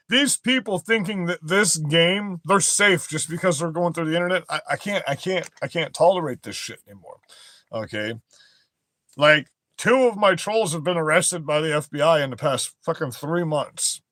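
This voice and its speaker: A man's voice: a little high, fairly bright tone, no echo. A young man reading news headlines aloud and breaking into profane, aggressive, mocking rants as a commentary host.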